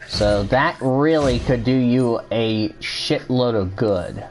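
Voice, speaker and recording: A man's voice: mid-range voice, slow pace, faint music behind. A man hosting a casual show, chatting while he plays a game, rambling and swearing freely at it. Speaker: show host. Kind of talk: casual chat while gaming.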